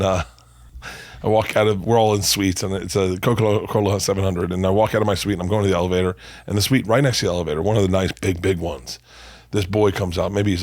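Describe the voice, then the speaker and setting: A middle-aged man, a comedian guest on a podcast, telling lively stories in casual chat, swearing freely and acting out other people's voices. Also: low-pitched, dry recording, studio quality.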